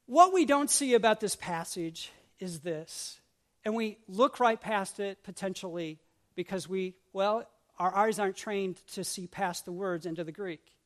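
A man preaching a sermon as pastor, swinging from urgent repeated questions to hushed prayerful lines and acting out grumbling voices. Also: high-pitched, unhurried. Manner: acts out grumbling voices with asides.

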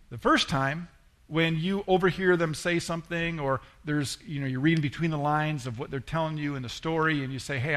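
Male pastor, middle-aged, slightly high voice, relaxed storytelling sermon delivery with acted-out quotes. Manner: conversational, acts out quoted voices with rising pitch.

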